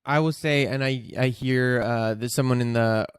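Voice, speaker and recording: A male podcast host with a smooth, clear voice, recorded close and dry. He talks candidly and casually, with dark jokes and open feeling. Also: medium pitch, fairly even intonation, moderate pace, dry recording. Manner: candid, emotional, joking.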